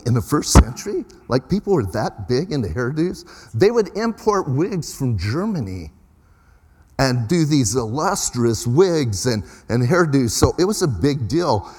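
A man's voice: fairly high pitch, sing-song, measured pace, darkish tone, slightly rough. Folksy male pastor in reverberant hall. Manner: conversational, folksy preaching with emphatic rises. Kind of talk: sermon.

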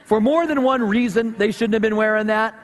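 A man preaching a sermon as pastor, animated and joking as he tells stories. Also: sits high, fairly quick. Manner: animated, humorous storytelling. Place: church sanctuary. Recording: long reverb of a church hall.

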